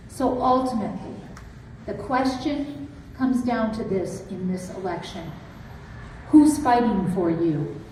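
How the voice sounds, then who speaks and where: A middle-aged woman from southwestern Minnesota giving a measured, emphatic campaign speech, with folksy asides. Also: medium pitch, a little mellow. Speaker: political campaign speaker. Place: restaurant event room. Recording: echoey, distant room recording with crowd noise.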